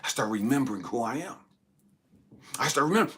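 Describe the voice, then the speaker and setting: A man giving a dramatic personal testimony as a spiritual talk host, swinging from hushed whispers to near-shouts. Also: on the high side, very animated, fast talker, husky.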